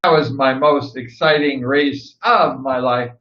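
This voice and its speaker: Bright-voiced man telling animated stories. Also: medium pitch, a little slow, echoey room, highs cut off. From Southern California. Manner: animated, laughs often, acts out past dialogue. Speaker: host, former motorcycle racer. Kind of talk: casual storytelling to camera.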